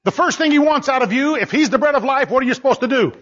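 A man's voice: very high voice, animated, fast talker, a bit bright. A man preaching a sermon, emphatic and repeating phrases for stress. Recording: dull lo-fi sermon recording.

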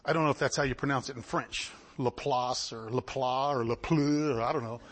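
A man preaching a sermon, swinging between shouted lines and low asides. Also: rapid-fire, slightly rough.

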